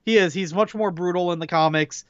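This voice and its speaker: A man's voice: high-pitched, a little fast, no room sound. A man co-hosting a podcast, chatting casually and reviewing a film with plenty of fillers. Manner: relaxed, filler-heavy opinions. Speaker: podcast co-host. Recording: dull dry lo-fi sound.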